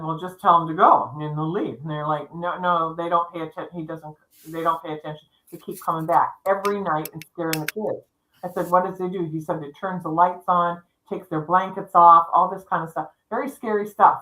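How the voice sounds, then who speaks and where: A middle-aged woman co-hosting a livestream as a psychic storyteller rambles through a spooky personal story, restarting sentences and acting out what people said in quoted dialogue. It's casual spoken storytelling. Her voice is fairly low, brisk, pushed and bright, on a low-quality recording.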